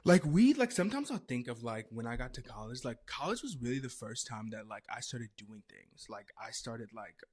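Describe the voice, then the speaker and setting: A man in his twenties hosting a podcast, telling stories in a loose, animated way with playful asides. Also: mid-range voice, a little fast, few pauses. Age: 20s. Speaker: podcast host. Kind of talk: casual chat.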